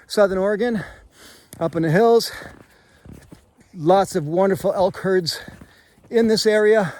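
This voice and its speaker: Outdoor host, male, relaxed storyteller out in the hills, slightly high pitch. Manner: chatty, easygoing, storytelling. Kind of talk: casual talk to camera.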